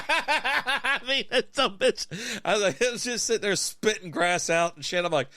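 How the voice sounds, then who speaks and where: A man's voice: high voice, lively intonation, unhurried, pushed and bright, no room sound, studio quality. A man from Texas co-hosting a casual beer podcast, telling stories with frequent laughter and plenty of swearing. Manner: laughs often while storytelling, swears freely. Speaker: podcast co-host. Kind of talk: casual chat over beers.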